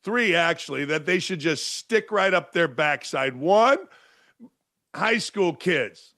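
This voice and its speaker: An older man tears into a sports topic in a loud, sarcastic rant. He mocks people with quick impressions as he goes, and his voice sits higher than most men's. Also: big pitch swings. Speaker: sports radio host. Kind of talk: ranting sports commentary.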